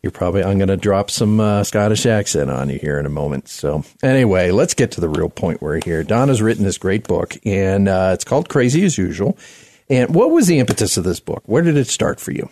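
A man hosting a radio talk show, chatty and lively, with plenty of fillers and restarts. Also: sits low, a little fast, no echo. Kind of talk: radio interview.

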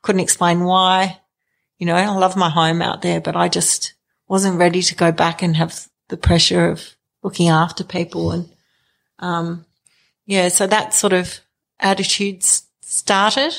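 A middle-aged woman answers an interviewer in a candid, hesitant way, pausing and restarting often. Her voice sits a little low and carries a gravelly edge. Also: little pitch movement. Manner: hesitant, frequent fillers and restarts. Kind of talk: candid personal storytelling.

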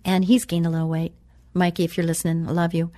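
A woman's voice: on the low side, level tone, fast, warm tone, no room sound. A woman hosting an inspirational Christian talk show, speaking earnestly with emphatic repetition and chatty asides.

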